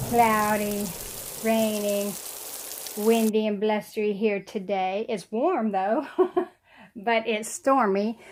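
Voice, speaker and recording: A middle-aged woman, slightly short of breath, her voice a touch weak. She chats casually and rambles to the camera at home, with plenty of fillers and small laughs. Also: medium pitch. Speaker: doll collector vlogger. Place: room at home.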